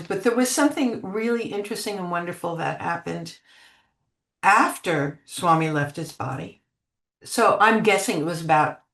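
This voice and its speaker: An older woman telling spiritual memories as an interview guest, gentle and unhurried, trailing off with many fillers. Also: fairly low pitch. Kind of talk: reflective spiritual storytelling. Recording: echoey room.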